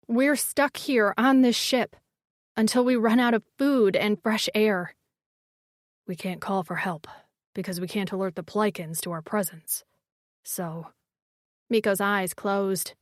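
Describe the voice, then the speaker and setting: Woman reading a romance audiobook, kinda high voice, slow intimate read, dry close mic. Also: dry recording. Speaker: audiobook narrator. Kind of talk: first-person audiobook narration.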